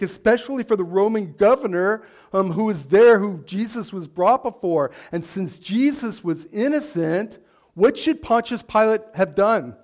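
A man's voice: high voice, a little mellow. A pastor preaching a sermon in church, asking his congregation emphatic rhetorical questions.

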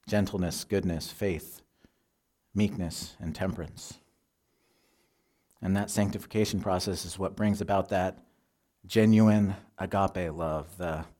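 Middle-aged male pastor, mellow and low-pitched; measured, earnest sermon delivery. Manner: earnest, measured teaching with scripture quotes. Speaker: preacher.

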